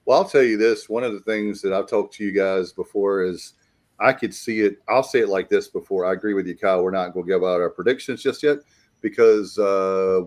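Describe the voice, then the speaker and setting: A man hosts a sports talk show in a low voice. He sounds keen, and he keeps turning to his panel to bring them in. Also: fairly quick, darkish tone. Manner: enthusiastic, addresses the panel directly. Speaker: podcast host.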